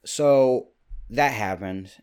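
A man in his twenties from Kentucky, talking alone into a mic in a rambling, jokey way with quick asides. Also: mid-range voice, darkish tone, smooth. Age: 20s. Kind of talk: casual solo monologue. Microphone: studio mic with pop filter.

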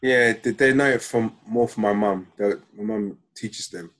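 A man talks in a laid-back way, with emphatic touches, in a group chat. His voice is on the low side and has a husky grain. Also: moderate pace, fairly bright tone. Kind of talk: casual chat.

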